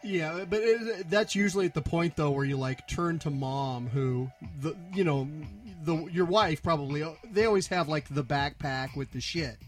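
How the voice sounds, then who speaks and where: A man's voice: fairly high pitch, normal speed, few pauses, soft background music. A man co-hosting a podcast, chatting casually with dry wisecracks. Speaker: podcast co-host. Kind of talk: casual chat.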